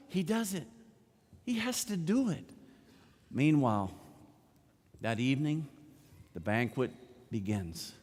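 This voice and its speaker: A middle-aged male pastor preaching a sermon, animatedly retelling a story and acting out the characters' lines. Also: medium pitch. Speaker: senior pastor. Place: large church sanctuary. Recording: long church hall reverb.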